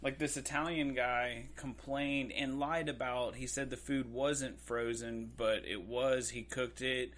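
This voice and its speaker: A man co-hosting a casual podcast at a middle pitch. He rambles and swears, pausing and groping for words mid-sentence. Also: fairly even intonation, a bit bright. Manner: rambling, profane, gropes for words. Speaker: podcast co-host. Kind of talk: casual chat.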